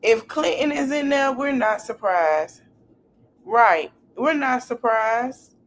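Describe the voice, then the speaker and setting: A woman hosting a casual podcast stream, talking in an animated, slangy way and repeating her phrases. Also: high-pitched, a little slow, a little hiss or hum. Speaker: podcast host.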